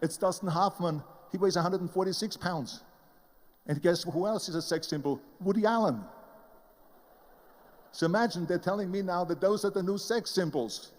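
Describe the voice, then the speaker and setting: A man's voice: high-pitched, brisk, in a large hall. An older man with an Austrian German accent giving an emphatic motivational speech, telling his story and acting out the voices of the people in it. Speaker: motivational speaker.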